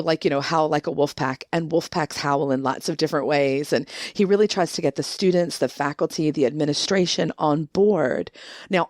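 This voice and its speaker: A woman guest on a conversational podcast, telling stories in an animated way, with emphatic stress and frequent restarts. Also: low voice, no room sound, clean studio sound. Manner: emphatic, many restarts and rising indignation. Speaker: guest, book contributor.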